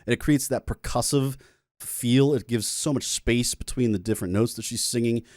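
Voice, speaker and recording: A man's voice: mid-range voice, normal speed, darkish tone, no room sound, clean studio sound. A man who is a music teacher, casually reacting to a song and enthusiastically explaining vocal technique, with apologetic asides to his viewers.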